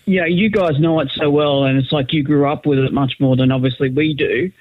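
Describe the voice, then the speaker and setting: A man from Australia with an Australian accent, calling in to a talk show and joking, with halting restarts. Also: fairly high pitch, steady tone, dry recording. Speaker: caller. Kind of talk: casual phone call. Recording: tinny phone line.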